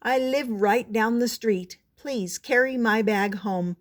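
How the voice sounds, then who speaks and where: Eager little storybook boy, grandma reading, slow and playful. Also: a little high. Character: bold little boy on Halloween.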